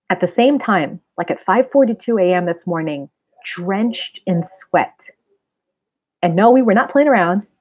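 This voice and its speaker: A woman in her forties, a spiritual reader and wellness center owner, chatting casually and earnestly with her live-stream viewers and addressing them directly. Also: lowish voice. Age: 40s. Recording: tinny phone-like sound.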